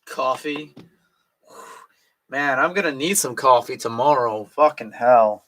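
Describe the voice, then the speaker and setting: A man's voice: mid-range voice, slow, long pauses, a bit bright. A drunk young man chatting casually on a late-night livestream, swearing, slurring and laughing to himself. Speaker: streamer.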